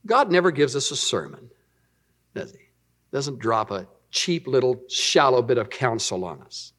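Animated middle-aged male pastor preaching. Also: medium pitch, a little slow. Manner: animated, conversational storytelling. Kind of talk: sermon.

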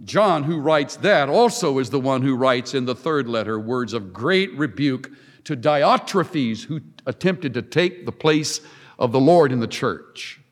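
Slow, emphatic preacher man in echoing hall. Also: medium pitch, expressive. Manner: emphatic, dramatic pauses and repetition. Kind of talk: sermon. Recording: long hall reverb.

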